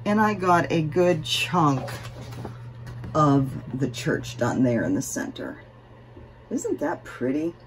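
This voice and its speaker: A woman's voice: low-pitched, very animated, takes it slowly, pauses often. A woman talking casually to her viewers in a rambling, chatty way, with fillers and self-deprecating asides, recorded at home. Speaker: cross stitch vlogger.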